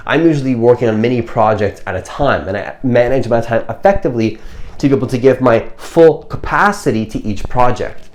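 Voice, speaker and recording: A man speaks in a mid-pitched voice, coaching viewers through a self-help monologue. He is earnest and loose, circling back, restarting sentences and repeating his points as he goes. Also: lively intonation, fairly quick, darkish tone. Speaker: manifestation coach.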